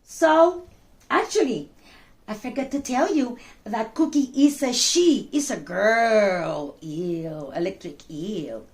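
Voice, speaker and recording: A woman telling a children's story in an expressive, chatty way, with exclamations and asides to the young listener. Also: medium pitch, slow pace. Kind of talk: animated children's story reading.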